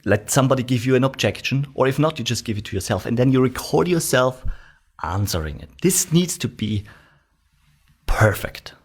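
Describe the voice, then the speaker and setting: A man's voice: medium pitch, brisk, slightly rough. A man teaching an online sales course, coaching the viewer directly and acting out the tone of lines he wants them to say. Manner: animated coaching, demonstrating tonality in quoted lines; addresses viewer directly with instructions. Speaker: sales trainer.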